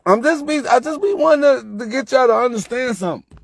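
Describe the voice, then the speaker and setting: A man talking casually to viewers about lottery picks, repeating himself and growing exasperated, getting louder when he quotes their questions. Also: very high voice, animated, fairly quick, creaky, no room sound. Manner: repetitive, exasperated, rises when quoting viewers. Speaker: lottery tips creator.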